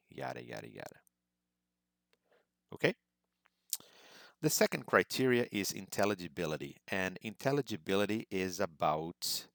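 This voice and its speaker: Man, very low voice, dry close sound, measured teaching tone, stresses key words. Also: a bit bright, no room sound. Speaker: English exam prep teacher. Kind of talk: instructional presentation.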